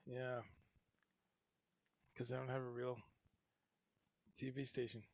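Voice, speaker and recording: A man's voice: medium pitch, completely flat delivery, slow, dry recording. A man hosting a casual livestream chat, talking in a rambling way with lots of fillers and restarts. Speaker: livestream host. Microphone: headphones and home streaming setup.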